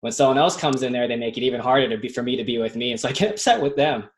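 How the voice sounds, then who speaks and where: A man's voice: mid-range voice, racing. A man in his thirties in a casual spiritual chat, reflective and rambling, full of fillers.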